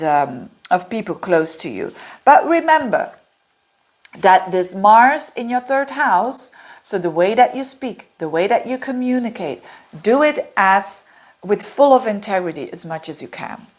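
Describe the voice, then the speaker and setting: A woman, a native Dutch speaker, reading monthly horoscopes as an astrologer, earnest and encouraging, with many fillers and restarts. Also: mid-range voice.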